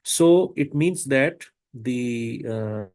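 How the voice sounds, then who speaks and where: A man giving a webinar lecture over a video call, pausing often with fillers. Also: mid-range voice, animated, darkish tone. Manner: slow, hesitant with frequent fillers.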